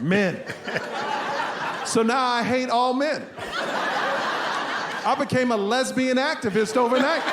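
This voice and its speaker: Animated high-voiced man doing stand-up. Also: heavy background noise. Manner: animated storytelling, bursts into shouted impressions. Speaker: stand-up comedian. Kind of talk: stand-up comedy set. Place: stage before a laughing audience. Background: audience laughter.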